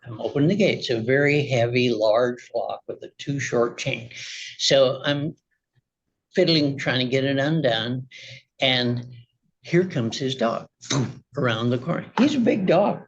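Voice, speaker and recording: Agitated man testifying, husky and muffled. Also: mid-range voice, animated, measured pace. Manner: agitated, rambling storytelling with restarts. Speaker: litigant. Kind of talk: testimony in a courtroom.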